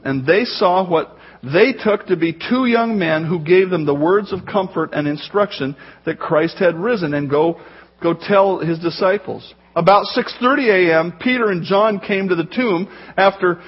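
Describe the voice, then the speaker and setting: A man preaching a sermon as pastor, telling the story in a lively way and acting out the voices in the quotes. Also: sits high, husky, dull audio.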